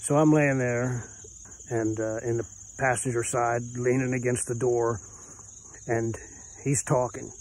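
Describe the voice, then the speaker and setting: Brief: middle-aged male storyteller, ordinary mid voice, halting and urgent, faint cricket noise behind. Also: mid-range voice, level tone, a little mellow, poor audio. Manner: rambling and intense, with many restarts and "you know"s. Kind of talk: telling a true story from his youth.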